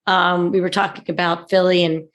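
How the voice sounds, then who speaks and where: A woman from the Philadelphia area, a guest in a casual chat, talking in a halting, chatty way with many restarts. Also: lowish voice, little pitch movement, a bit bright. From Philadelphia area, USA.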